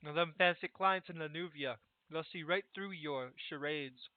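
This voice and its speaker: A man voicing a proud, gruff ship captain who guards his reputation, speaking stiffly and formally with rough folksy slips. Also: fairly high pitch, moderate pace, no room sound, natural voice. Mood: stern. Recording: tinny, dry voice-call audio.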